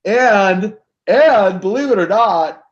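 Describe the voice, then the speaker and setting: In a slightly dull, lo-fi recording, a high-voiced older man speaks at a slow pace. Once a wrestler and now a minister, he's an animated storyteller in this interview, performing each line of dialogue as he recounts events.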